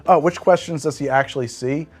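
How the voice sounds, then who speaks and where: A man's voice: a little high, brisk, soft background music. A man chatting casually on a live stream, rambling, swearing freely and thinking aloud as he answers chat.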